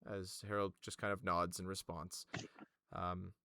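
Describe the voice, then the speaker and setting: A man's voice: low-pitched, flat delivery, a little slow, gravelly, bright, forceful tone, clean tone, no room sound, studio quality. A man narrating a tabletop game as game master, casual and full of fillers.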